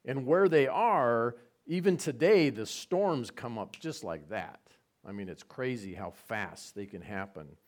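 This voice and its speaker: Male pastor, conversational sermon, animated pitch, repetitive asides. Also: unhurried. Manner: retells scenes with repetition and asides.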